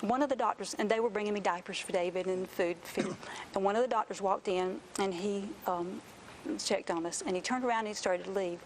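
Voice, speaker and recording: A woman, a mother telling an emotional personal story as an interview guest, earnest and animated. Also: medium pitch, fairly quick, slight background noise. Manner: earnest, animated retelling with quoted voices.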